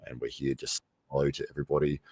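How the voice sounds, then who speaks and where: An Australian man hosts a livestream in easygoing chat, laughing often and slipping into voices for his stories. His voice sits very low. The recording is dry, with no room sound. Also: little pitch movement, quick pace, creaky, a little mellow, breathy edge, no echo. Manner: chatty, laughs often, acts out voices in anecdotes. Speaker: livestream host. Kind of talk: casual chat.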